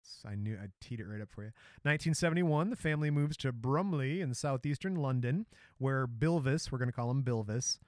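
A man's voice: mid-range voice, expressive, a little fast, a little mellow, no room sound, clean studio sound. A middle-aged man from Michigan co-hosting a podcast, telling a life story in casual chat, joking and tripping over names. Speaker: podcast co-host.

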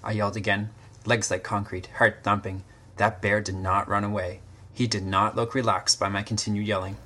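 Man, low voice, scripted narration, measured, terse literary phrasing. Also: flat delivery, sharp tone. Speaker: story narrator.

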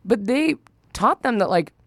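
A woman's voice: a little high, animated, measured pace, dry recording, clean studio sound. A young woman co-hosting a podcast, chatting casually and rambling with lots of fillers. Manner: rambling, many fillers and restarts. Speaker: podcast co-host. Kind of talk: casual chat.

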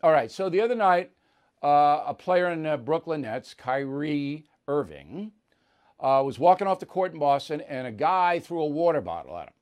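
A man delivers blunt political commentary as a show's host. His voice sits a little high and swings up and down a great deal. He leans hard on key words and repeats them for emphasis. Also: expressive, normal speed, darkish tone.

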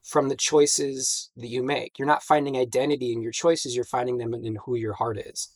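A man's voice: medium pitch, steady tone, normal speed, dry recording. A man in his forties, speaking as a podcast guest in a candid, reflective way with many fillers. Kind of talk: candid conversation.

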